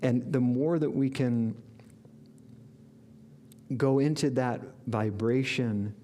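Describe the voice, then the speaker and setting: A man's voice: medium pitch, slow, dark tone. A man giving an inspirational sermon as a spiritual teacher, earnest and reflective, with bursts of enthusiasm.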